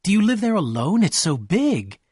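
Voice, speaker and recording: A man voicing an excitable young rich woman who gushes breathlessly, in an audiobook reading. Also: on the high side, a little slow, no echo, studio quality. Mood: excited.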